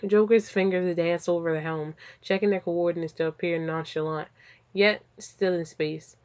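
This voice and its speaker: A woman's voice: on the low side, normal speed. Profane woman riffing on fanfiction. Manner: profane, animated asides. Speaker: fanfiction reader and reactor. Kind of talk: casual comic reading with commentary. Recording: slightly dull lo-fi audio.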